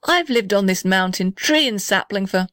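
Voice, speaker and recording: A woman voicing a big old male gum tree in a storybook, speaking gravely and knowingly. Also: medium pitch, lively intonation, normal speed, fairly bright tone, no echo, studio quality, natural voice. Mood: declaring. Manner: grave, declaring.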